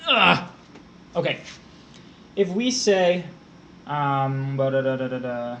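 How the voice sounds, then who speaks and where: A man's voice: high-pitched, normal speed, dull audio, slight background noise. A man tutoring test prep on a live stream, explaining grammar step by step while answering his chat.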